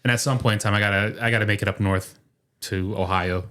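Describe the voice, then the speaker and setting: A man's voice: on the low side, fairly even intonation, fast talker, pushed and bright. A man co-hosting a casual podcast, telling stories and acting out what people said. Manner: chatty storyteller, acts out quotes. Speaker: podcast co-host. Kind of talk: casual chat. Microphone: studio microphone.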